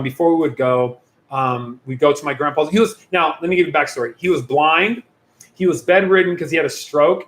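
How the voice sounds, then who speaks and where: A man hosting a casual youth Q&A livestream as a youth pastor, rambling and chatty, often breaking off mid-sentence. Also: fairly high pitch. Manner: rambling, chatty, self-interrupting. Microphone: computer or phone mic on a video stream. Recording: echoey room.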